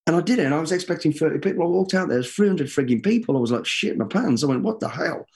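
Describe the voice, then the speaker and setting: A middle-aged man, a guest in an interview, telling stories in a lively way, swearing freely and acting out what people said. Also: fairly high pitch, racing. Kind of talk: casual interview storytelling.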